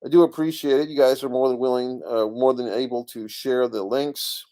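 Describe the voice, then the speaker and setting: A man's voice: medium pitch, fairly even intonation, normal speed, dark tone. A middle-aged man hosting a casual live stream, rambling about a comedy special and reading viewers' comments aloud. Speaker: online show host reading chat comments.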